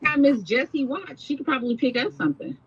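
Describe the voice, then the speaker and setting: A woman's voice: sits high, expressive, fast, slight background noise. Brief: thirties woman caller, confident and flirty, dull muffled phone sound. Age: 30s. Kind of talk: casual phone call.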